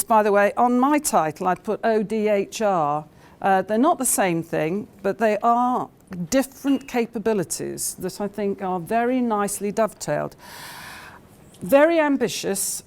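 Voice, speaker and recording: A woman's voice: medium pitch, a little mellow. A woman giving a conference talk, telling anecdotes with many hesitations and fillers. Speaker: conference speaker.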